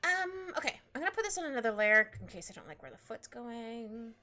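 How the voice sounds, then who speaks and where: A woman's voice: a little high, very animated, brisk, bright, forceful tone. A young woman art streamer chatting casually and giggling while she draws. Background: faint background music.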